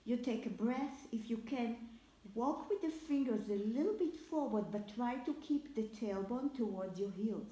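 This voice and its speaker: A woman leading a Pilates class at home, cueing each movement with calm, repeated counts. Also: fairly high pitch, normal speed, echoey room. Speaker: Pilates instructor. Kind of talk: live exercise class instruction.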